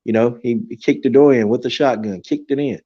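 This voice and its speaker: A man hosting a podcast, telling a story in a loose, animated way and filling it with "you know" and "man". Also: mid-range voice, fairly quick, highs cut off. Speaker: podcast host. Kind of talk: casual storytelling chat.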